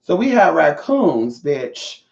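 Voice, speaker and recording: A young woman vlogger telling a profane, animated storytime monologue straight to her viewers. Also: deep voice, slow, creaky, background noise. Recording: roomy, slightly dull audio.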